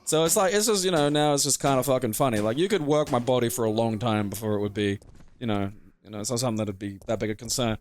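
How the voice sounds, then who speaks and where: A man's voice: medium pitch, fast talker. A young Australian man telling a rambling, profane anecdote in casual chat over a game playthrough, often laughing. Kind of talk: casual let's-play storytelling.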